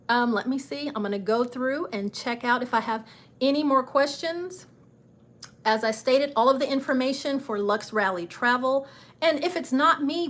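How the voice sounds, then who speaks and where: A woman's voice: on the high side, fairly bright tone. A middle-aged woman chatting casually on a travel livestream, a little nervous and self-deprecating. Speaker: travel vlogger and travel agent.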